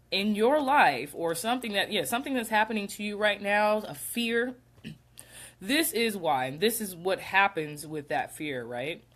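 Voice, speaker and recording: A young adult woman chats her way through a casual livestream, her voice a little congested and short of breath. She talks at a medium pitch and breaks off to greet viewers as they join. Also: fairly bright tone. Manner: chatty, greets viewers mid-sentence. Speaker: host of a real estate livestream. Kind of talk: casual live-stream talk.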